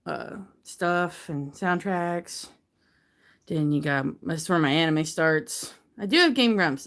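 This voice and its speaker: Excitable rambling woman on a phone livestream. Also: fairly low pitch, smooth. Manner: rambling, gets hyper and excitable. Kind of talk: casual livestream chat. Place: her messy bedroom. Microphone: phone camera.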